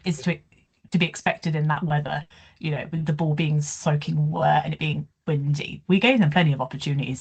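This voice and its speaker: A woman's voice: low voice, a little mellow, husky, muffled recording. A woman co-hosting a sports podcast, chatting casually and thinking aloud as she weighs up each point. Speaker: podcast co-host.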